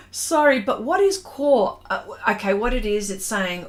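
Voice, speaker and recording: Australian woman, livestream host, unhurried chatty delivery, higher voice, reads comments aloud, laughs. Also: lively intonation. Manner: slow, unhurried and thinking aloud while drawing. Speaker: artist hosting a drawing livestream. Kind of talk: casual livestream chat.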